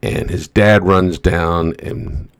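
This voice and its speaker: A man's voice: sits low, fairly even intonation, slow pace, clean tone, dry recording. A man telling a motivational story in a loose, rambling way, full of asides.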